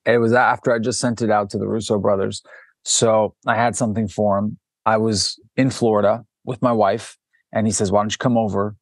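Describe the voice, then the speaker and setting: A documentary director, appearing as an interview guest, tells a story in an animated way, acting out the quoted dialogue of the people in it and restarting often. His lowish voice moves at normal speed, captured studio-quality with no room sound.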